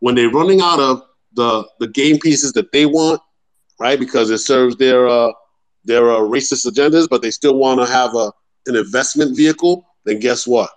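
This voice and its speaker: Founder type, earnest man, speaks haltingly while making his case. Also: medium pitch, rough recording. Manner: earnest, with many hesitations. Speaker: project founder. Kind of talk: casual explanatory talk.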